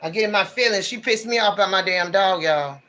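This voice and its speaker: A man's voice: sits high, brisk, bright, forceful tone, slight background noise. A man giving a casual livestream tarot reading, talking in a blunt, slangy, ranting way. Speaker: tarot reader.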